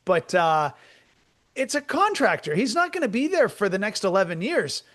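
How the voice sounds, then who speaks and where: A man co-hosting as a comedian, talking in a rambling, joking, animated way in casual chat. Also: sits high, normal speed. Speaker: comedian co-host.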